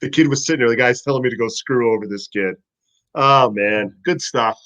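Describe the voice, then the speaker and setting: A man, a former football player, telling stories in a casual podcast chat, animated and profane. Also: mid-range voice, brisk, rough recording.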